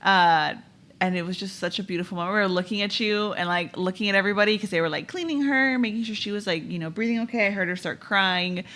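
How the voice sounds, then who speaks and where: A young woman co-hosting a podcast, talking softly and reflectively in casual chat. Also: mid-range voice, quick pace. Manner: soft, reflective, laughs often. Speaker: podcast co-host, new mother. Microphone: podcast microphone.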